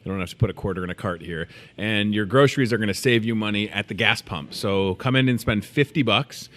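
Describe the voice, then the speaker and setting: A man's voice: lowish voice, brisk. A man in his thirties hosting a store video show, chatting casually and joking while promoting food. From moved to Iowa as a student. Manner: playful, joking, animated.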